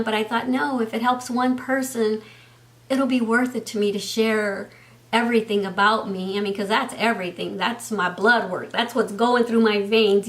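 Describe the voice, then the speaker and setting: A woman, chatting heartfelt to camera at home with frequent "um" fillers. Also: medium pitch. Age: 50s. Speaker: beauty and health vlogger. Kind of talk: casual chat to camera.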